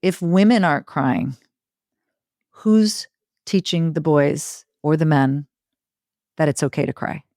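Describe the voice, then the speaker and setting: A middle-aged woman telling stories in an interview, expressive and building long rhythmic lists. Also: low-pitched, takes it slowly, pauses often, dry recording, studio quality. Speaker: podcast guest, circle facilitator. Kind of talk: conversational interview.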